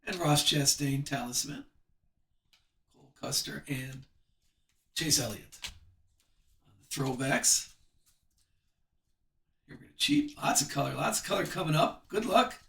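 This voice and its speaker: A man's voice: fairly high pitch, animated, gravelly, a bit bright, reverberant, far from the mic, slight background noise. A man hosting a live sports card break, chatting with viewers and reading off the cards as he opens packs. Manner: chatty, reads card names off quickly.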